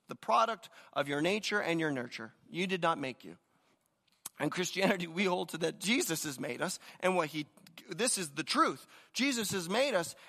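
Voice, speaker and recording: A man in his thirties delivers an energetic sermon, stumbling and repeating words as he builds into each point. His voice sits high and sounds bright and forceful. A long reverb trails behind him, as if he is in a large hall. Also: creaky. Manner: energetic, storytelling, repeats words when starting a thought. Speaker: pastor.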